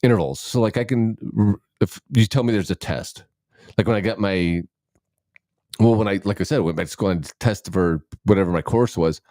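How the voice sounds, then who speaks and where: Chatting casually as a podcast co-host, this middle-aged man rambles, interrupts himself and curses without restraint. He speaks fairly quickly in a mellow, lowish voice, and the studio-quality audio has no echo.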